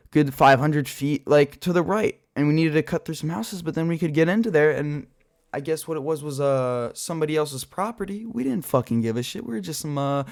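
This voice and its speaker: A man's voice: on the high side, a little mellow. Rambling, profane young man telling a story. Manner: rambling, profane, full of filler words. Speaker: storyteller vlogger. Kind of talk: casual story time while gaming.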